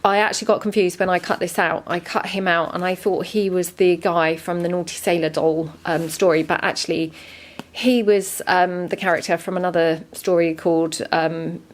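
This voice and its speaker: A woman casually walking through a handmade junk journal, chatty and relaxed with frequent ums. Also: on the low side, moderate pace, hardly any pauses. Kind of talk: casual show-and-tell narration.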